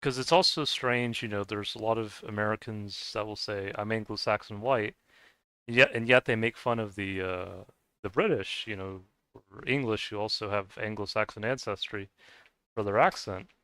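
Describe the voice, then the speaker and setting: A man talking casually while playing a game, his voice low-pitched and smooth. He rambles and hesitates, piling up fillers and restarts with frequent laughs. The sound is dry and close, with no room around it. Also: moderate pace, pushed and bright, no echo. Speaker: gaming streamer. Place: lives in the US.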